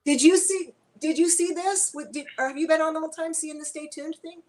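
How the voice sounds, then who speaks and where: A woman guest on a video-call Q&A, chatting in a lively, rambling way. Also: high-pitched, fairly quick, rough recording. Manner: chatty, animated, tangents.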